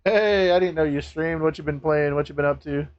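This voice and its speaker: A man streaming live, chatting casually to viewers, laughing often, swearing and getting excitable. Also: a little high, a little fast, smooth, lo-fi sound.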